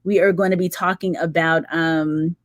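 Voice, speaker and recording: A woman's voice: fairly low pitch, fairly even intonation, moderate pace, no room sound. A woman co-hosting a livestream, reading viewer comments aloud and laughing often in casual chat. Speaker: livestream co-host.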